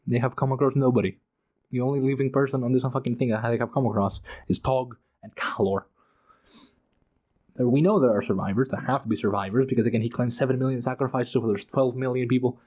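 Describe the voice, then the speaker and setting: A man's voice: mid-range voice, fairly even intonation, quick pace, warm tone, husky, dull audio. A man hosting a podcast, talking heatedly about a book and swearing for emphasis. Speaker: podcast host. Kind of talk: casual book discussion.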